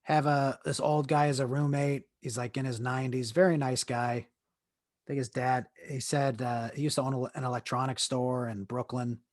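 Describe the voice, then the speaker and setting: In this casual storytelling monologue, a podcast host tells a crude, joking story in a meandering way, restarting often while he sits with a painful leg. His medium-pitched voice is flat in delivery and moves at a moderate pace. It's studio-quality audio with no room sound.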